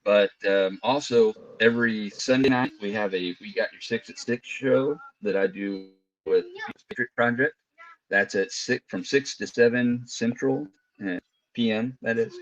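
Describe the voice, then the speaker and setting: A man's voice: medium pitch, measured pace. A man as a podcast guest, chatting casually and telling laid-back stories over an internet call. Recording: dull lo-fi call audio.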